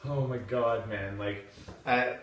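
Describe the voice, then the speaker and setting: A young man from Canada hosting a podcast, telling a rowdy story in a profane, animated way with bursts of laughter. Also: medium pitch, takes it slowly. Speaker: podcast host. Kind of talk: casual storytelling. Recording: echoey room from far off.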